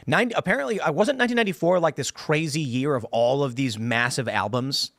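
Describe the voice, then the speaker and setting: A man hosting a casual studio panel, his voice sitting a little high as he jokes and tells stories with energy. The sound is close and dry, with no room around it. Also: no echo. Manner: animated storyteller, quick and jokey. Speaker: show host. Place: podcast studio.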